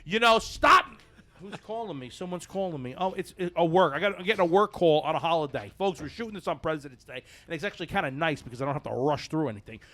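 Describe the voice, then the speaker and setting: High-voiced excitable podcast host. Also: male voice, quick pace. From New Jersey. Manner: excitable, rambling, bossy with crew. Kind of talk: casual podcast chat. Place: podcast studio.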